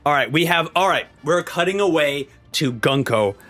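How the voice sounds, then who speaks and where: A man hosting a manga reaction video, reading the chapter aloud and reacting with excitable energy. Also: on the high side, normal speed, faint music behind. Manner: animated and excitable, acts out characters' lines. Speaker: manga reaction channel host.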